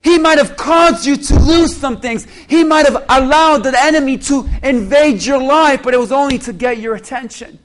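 A man's voice: very high-pitched, normal speed, few pauses. A male pastor preaching a sermon in church, joking with the congregation and leading call-and-response. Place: church sanctuary.

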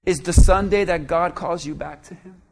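A man's voice: fairly high pitch, normal speed, vocal fry, darkish tone. A male pastor preaching a sermon in church, joking with the congregation and leading call-and-response. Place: church sanctuary.

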